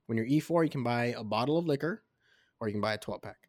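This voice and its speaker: A man in his twenties on a casual podcast, telling a rambling, profanity-heavy story about his military days, with tipsy, animated storytelling. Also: mid-range voice, fast, dry recording, studio quality. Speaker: podcast co-host. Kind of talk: casual drunk storytelling chat.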